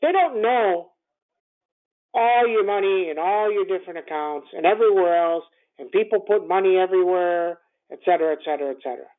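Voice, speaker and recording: A man's voice: sits high, brisk. A man giving a morning stock-market call, blunt and repetitive, full of rhetorical questions. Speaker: stock trading commentator. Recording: tinny phone-line sound.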